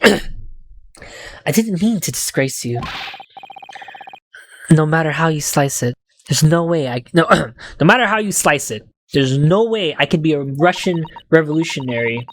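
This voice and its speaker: A woman's voice: low voice, animated, measured pace, pauses often, slight background noise, voice pushed down. Woman voicing a flustered accused young man. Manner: flustered, apologetic.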